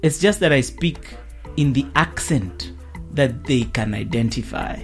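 A man from Africa hosting a conversational discussion, speaking in a measured, reflective way. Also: mid-range voice, animated, faint music behind. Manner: measured, reflective, uses quoted voices.

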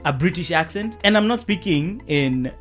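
Brief: African male host, slightly high voice, measured and thoughtful, faint music underneath. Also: animated, a bit bright. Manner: measured, reflective, uses quoted voices. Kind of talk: conversational discussion.

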